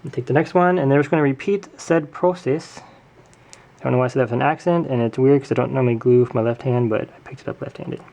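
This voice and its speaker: A chatty man walks through a craft build in a casual tutorial, full of little asides and self-corrections. His voice has a gravelly, fry-edged texture at a mid pitch. He sounds like he's talking into a camera mic at a home work table. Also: steady tone, very fast, hardly any pauses, warm tone. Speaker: tutorial host.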